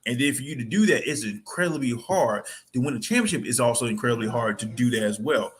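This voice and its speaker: A man co-hosting a sports podcast, chatting casually in an animated, rambling way full of slang. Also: mid-range voice, fast talker, a little hiss or hum. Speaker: podcast co-host.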